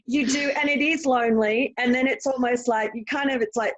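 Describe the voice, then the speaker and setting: A woman's voice: a little high, fairly even intonation, brisk, dull audio. A woman from Australia, a guest in a podcast interview, explaining things in a bubbly way and laughing readily. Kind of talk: casual interview chat.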